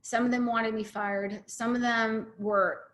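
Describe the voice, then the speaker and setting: Earnest storytelling woman, slightly high voice. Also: flat delivery, measured pace, fairly bright tone. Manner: earnest, emotional, with frequent restarts. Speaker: retired airline captain giving a talk. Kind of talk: personal storytelling talk.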